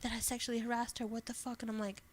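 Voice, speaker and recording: A woman's voice: fairly high pitch, level tone, very fast. A woman co-hosting a podcast, talking candidly in casual chat, swearing freely and acting out what people said. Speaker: podcast co-host.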